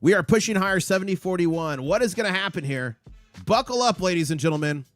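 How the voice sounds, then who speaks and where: A man hosting a live stream with market commentary, excitable and rattling off prices and numbers. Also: high voice, fast talker, soft background music. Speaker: livestream host.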